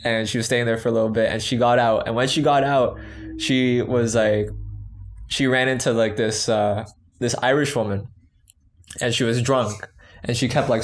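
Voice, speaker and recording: A man's voice: mid-range voice, fairly quick. A young man co-hosting a casual chat, telling a rambling travel story with many fillers. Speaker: podcast co-host.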